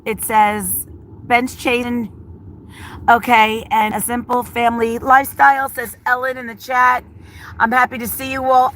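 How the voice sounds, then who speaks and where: A woman's voice: fairly high pitch, a little hiss or hum. A middle-aged woman, a schoolteacher, chatting casually on a live stream from her car, reading viewer comments aloud with frequent laughs and fillers. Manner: chatty and warm, laughs often, many fillers. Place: inside a car.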